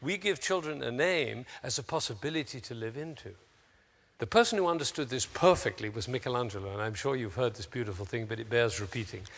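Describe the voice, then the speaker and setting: A man giving an animated, anecdotal public talk to educators, laughing often as he speaks. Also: mid-range voice, a little fast, big-room sound.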